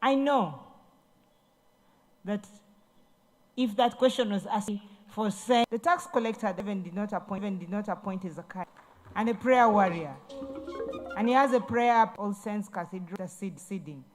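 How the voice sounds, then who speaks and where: A woman's voice: mid-range voice, moderate pace, pauses often. A woman, a government minister, giving a ceremony speech, telling Bible stories in a preachy way and repeating herself. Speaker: guest speaker, government minister. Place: large event hall.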